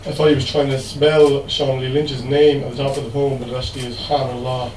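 A man at a poetry event, making chatty announcements before reciting a poem slowly and with measure. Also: medium pitch, little pitch movement. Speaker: poet reading at an open mic. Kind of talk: live poetry reading with casual asides. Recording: distant mic in a roomy, noisy venue.

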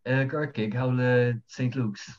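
A man reading a short verse at an online open mic, hesitant and slow, over dull lo-fi call audio. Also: medium pitch, steady tone. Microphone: video call.

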